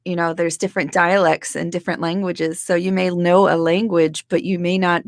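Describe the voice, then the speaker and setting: Enthusiastic young woman co-host, slightly low voice, dry close sound. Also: little pitch movement, moderate pace, no echo. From United States. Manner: enthusiastic, repeats words as she restarts. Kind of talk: casual podcast chat.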